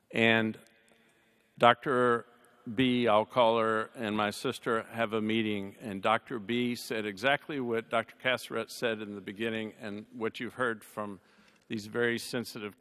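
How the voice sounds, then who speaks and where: A man's voice: on the low side, clean tone. Man telling a story in a resonant hall. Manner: conversational, wry humor, drops to a soft voice at sad moments. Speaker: panelist. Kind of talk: personal storytelling on a panel. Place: large chapel. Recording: long reverb of a large hall.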